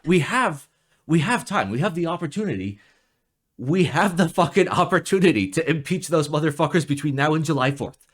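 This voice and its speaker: In a keyboard vlog, a young reviewer rants casually, a bit fast and with lively intonation. His talk is rambling and full of swearing, shifting from low mutters to loud outbursts, and he seems jet lagged.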